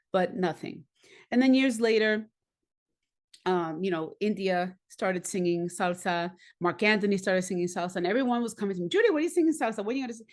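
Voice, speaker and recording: Animated low-voiced woman telling her story. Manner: animated, acts out voices and laughs often. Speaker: podcast guest, singer. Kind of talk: candid personal storytelling.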